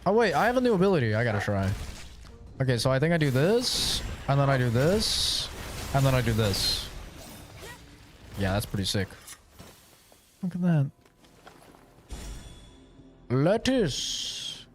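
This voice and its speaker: A man's voice: medium pitch, sing-song, normal speed, long pauses, faint music behind. A young man streaming a game, chatting casually in a crude, joking, ranting way. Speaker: gaming streamer. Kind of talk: casual live-stream chat.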